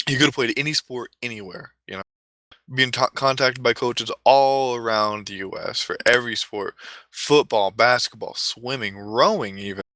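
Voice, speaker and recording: A man's voice: medium pitch, normal speed, sharp tone, no echo, rough recording. A man telling a comic story casually, rambling with offhand asides.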